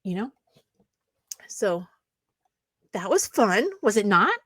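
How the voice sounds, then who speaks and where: A woman's voice: medium pitch, very animated, slow pace, pauses often, a bit bright, slightly rough, no echo, clean studio sound. A woman YouTuber ranting back at online commenters, sarcastic and indignant, mocking them at length.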